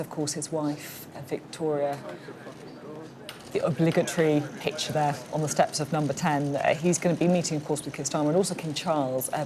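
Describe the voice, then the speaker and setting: A woman's voice: low voice, background noise. A woman presenting breakfast television news in a studio, conversational with frequent fillers.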